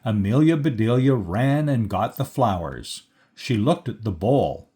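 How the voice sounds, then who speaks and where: A man reading a children's picture book aloud, slow and lively, lifting his pitch for the characters' lines. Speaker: storybook reader.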